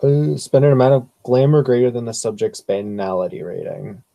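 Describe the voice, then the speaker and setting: A man's voice: medium pitch, a little fast, warm tone, no room sound. A man player talking through game rules, hesitant and thinking aloud. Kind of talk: tabletop role-play, rules talk.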